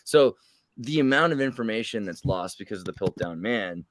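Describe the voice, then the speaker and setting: A man's voice: on the low side, expressive, moderate pace, a little hiss or hum. A man telling rambling, jokey stories in casual chat, putting on mock voices for the people he quotes.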